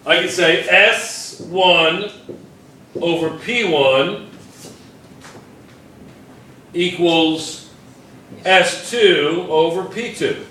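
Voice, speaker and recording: A man's voice: high-pitched, drawn-out words, pauses often, pushed and bright, echoey room, slight background noise. A male chemistry teacher lecturing a classroom, firing questions at students and repeating key points.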